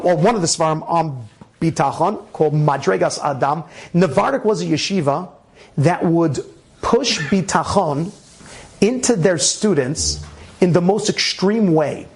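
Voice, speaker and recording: A man with a raspy voice telling a Torah story in a lively way, with restarts and sound effects. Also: a little high. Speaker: Torah speaker. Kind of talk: animated storytelling talk.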